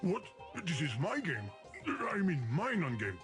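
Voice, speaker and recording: An actor voicing an anxious, fussy game program with an odd foreign-sounding accent, talking in a fretful, pleading way. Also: male voice, fairly high pitch, wildly swooping pitch, measured pace. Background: game music.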